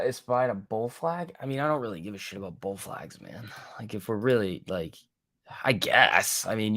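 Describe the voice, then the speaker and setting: On this live trading stream, the host reads the market and thinks out loud in a relaxed way, dropping the odd swear word. He speaks on the low side, bright and forceful. The recording has studio quality and no room sound.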